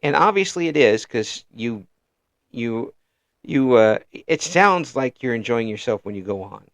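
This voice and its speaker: A man's voice: mid-range voice, expressive, no echo. Chatty Midwestern man hosting an interview. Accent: Midwestern American. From Illinois. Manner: halting, many restarts, chuckles often. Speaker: interview host. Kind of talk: casual interview chat.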